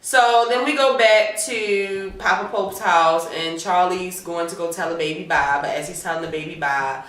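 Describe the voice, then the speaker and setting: Animated woman recapping TV, echoey room. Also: on the low side, normal speed. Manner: animated, profane, acts out characters' lines. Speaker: TV recap host. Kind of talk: casual episode recap. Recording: echoey room, distant mic, faint noise.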